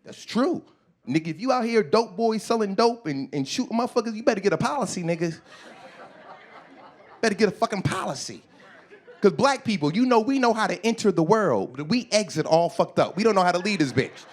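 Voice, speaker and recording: A man in his forties works a comedy club stage with a lively, swooping delivery that sits a little high for a man. He is profane and animated, acts out characters and shouts his punchlines. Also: fairly quick. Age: 40s. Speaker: stand-up comedian. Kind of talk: stand-up comedy set.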